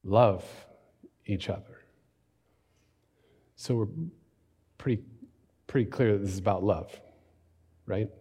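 A man preaching a sermon, telling a story and then building to emphatic, animated points. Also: fairly low pitch, slow, long pauses, slightly rough, big-room sound. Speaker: pastor.

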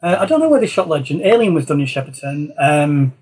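A man's voice: on the high side, sing-song, fast, a little mellow, breathy edge, low-quality recording. A man from Yorkshire with a Northern English accent, telling stories as a guest in a casual interview. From Yorkshire, North England. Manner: rambling anecdotal storyteller. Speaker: guest, film concept designer.

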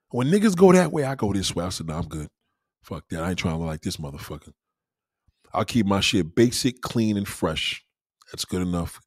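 A man's voice: fairly low pitch, no echo, clean studio sound. A man delivering a profane, emphatic ranting monologue full of rhetorical questions, talking to a livestream audience.

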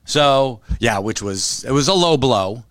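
Brief: animated, swearing podcast storyteller, man. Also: medium pitch, unhurried, dry recording, studio quality. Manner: animated storytelling, acts out quotes, swears freely. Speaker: podcast co-host, comic shop worker. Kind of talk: casual chat.

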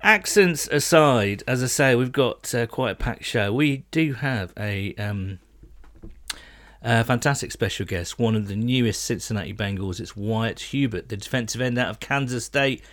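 A man hosting a podcast, chatting casually and filling pauses with "um" and "uh". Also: medium pitch. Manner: relaxed, chatty, frequent fillers. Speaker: podcast host.

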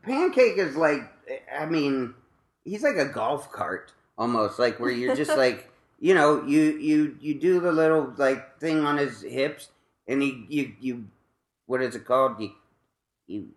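A man hosting a casual chat, voice pitched in the middle range. He rambles and pokes fun at himself, leaning on fillers and laughter. The sound bounces around a reverberant room. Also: lively intonation, unhurried. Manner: rambling, self-mocking, lots of fillers and laughs. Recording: echoey room.

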